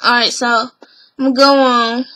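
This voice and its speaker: Bright, high-voiced woman recapping a show. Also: normal speed, rough recording. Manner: animated, acts out quotes, laughs. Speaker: reality TV recap vlogger. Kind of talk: casual episode recap.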